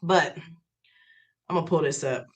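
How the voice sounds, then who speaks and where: A woman's voice: deep voice, moderate pace, low-quality recording. A woman live streamer in a profane, mocking rant, reacting to clips and messages. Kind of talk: ranting commentary.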